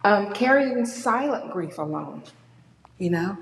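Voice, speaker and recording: A woman's voice: mid-range voice, takes it slowly, vocal fry. Woman teaching in an echoey church. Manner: warm conversational, acts out quoted people with lively voices. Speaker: speaker at a church. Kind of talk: conversational church teaching on grief. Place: church sanctuary. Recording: echoey church hall with long reverb.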